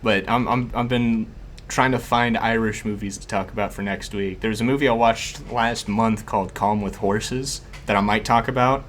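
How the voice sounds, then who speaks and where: Chatty man hosting a podcast, low voice. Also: steady tone, moderate pace, fairly bright tone, slight background noise. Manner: chatty, laughs often, many "like" fillers. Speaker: podcast host. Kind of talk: casual chat.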